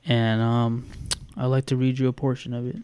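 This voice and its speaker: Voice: medium pitch, flat delivery, normal speed, darkish tone, smooth. A podcast co-host chatting casually about a true-crime case.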